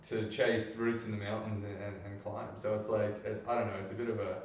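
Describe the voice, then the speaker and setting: A man's voice: lowish voice, little pitch movement, fairly quick, a little mellow. Gushing man interviewer, far from the mic. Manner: gushing, swears casually. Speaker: documentary filmmaker interviewer. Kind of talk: casual enthusiastic chat. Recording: roomy, distant from mic.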